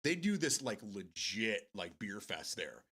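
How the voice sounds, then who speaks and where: American male streamer, casual rambling chat with frequent laughs, pitch jumps around a lot. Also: sing-song, unhurried, bright, forceful tone, slightly rough. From United States. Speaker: live-stream host.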